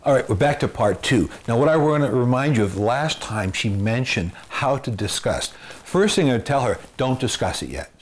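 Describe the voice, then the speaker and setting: A man's voice: medium pitch, expressive, normal speed. Earnest man coaching with repeated phrases. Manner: gives homespun comparisons. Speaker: marriage and family therapist. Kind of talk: advice talk to camera.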